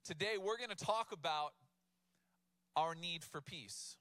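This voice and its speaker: A man in his thirties delivers a sermon with a casual, joking touch, turning scripture into lively everyday talk. His voice sits a little high and sounds bright and forward. The sound is close and dry. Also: unhurried, no room sound. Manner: casual, humorous, animated storytelling with laughs. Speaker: pastor.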